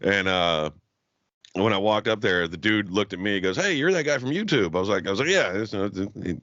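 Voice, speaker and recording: A man's voice: low-pitched, a little fast, a bit bright, dry recording. A man co-hosting a podcast, telling profane, laughing stories in casual chat and acting out what others said. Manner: profane, laughing, acts out quotes. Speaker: podcast co-host. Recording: dull, lo-fi podcast audio.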